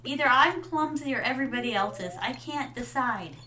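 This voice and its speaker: High bright woman streamer chatting. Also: expressive, fairly quick, far from the mic. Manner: chatty, reads game lines aloud, addresses chat as darlings. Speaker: vtuber game streamer. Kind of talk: casual gameplay chat.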